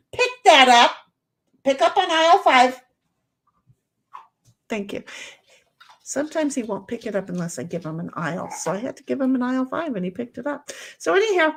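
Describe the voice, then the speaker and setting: Middle-aged woman rambling on her stream at home, kinda high voice, chatty and loose. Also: creaky, slightly rough. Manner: rambling, chatty, reads chat aloud. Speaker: livestream host. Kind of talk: casual chat.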